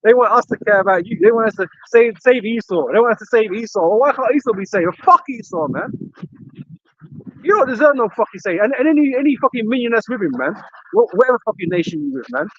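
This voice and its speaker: High voiced guy ranting, swears a lot, dry dull recording. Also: lively intonation, fast, a bit bright, dry recording. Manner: angry, profane, repeats "man" and "you know". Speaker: camp speaker. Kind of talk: heated casual religious talk.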